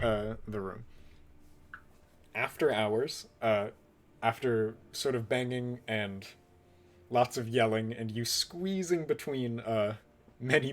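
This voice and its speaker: Man narrating a tabletop game. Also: medium pitch. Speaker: game master.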